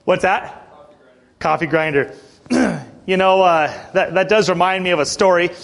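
High-voiced pastor, chatty and throat-clearing. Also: male voice, measured pace, a bit bright. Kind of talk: sermon.

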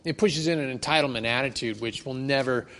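A man adding to a Bible study discussion with eager agreement. His mid-pitched voice is heavily gravelly with vocal fry. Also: fairly quick, fairly bright tone.

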